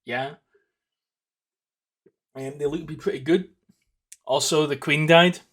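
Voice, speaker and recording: A man's voice: on the high side, fairly even intonation, unhurried, fairly bright tone. A Scottish man in his thirties hosting a casual solo podcast. He rambles and swears, with plenty of ums and restarts. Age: 30s. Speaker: podcast host.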